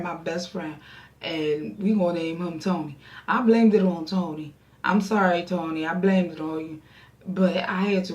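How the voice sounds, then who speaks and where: A young woman with a gravelly, creaky voice tells a story to her vlog, full of swearing and acted-out voices. She sounds set back from the mic in an echoey room. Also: lowish voice, far from the mic, highs cut off. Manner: animated, profane storytelling, acting out quoted voices. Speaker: vlogger.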